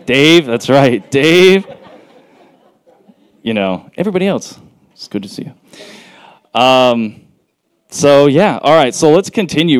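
A man's voice: medium pitch, clean tone. A man in his thirties speaking at a church, leading a prayer and then chatting in a loose, self-deprecating way with many fillers. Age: 30s. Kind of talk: prayer then casual sermon intro.

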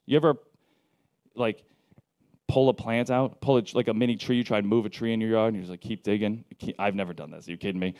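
A man preaching a casual sermon, telling stories in a joking, conversational way with lively asides. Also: medium pitch, no room sound, studio quality. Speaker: pastor.

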